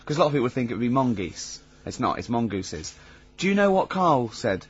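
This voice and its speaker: A man's voice: mid-range voice, animated, fairly quick, hardly any pauses, slightly rough. A man hosting a comedy radio show, mocking and storytelling with lots of giggling. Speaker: radio host. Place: radio studio. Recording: slightly dull radio studio sound.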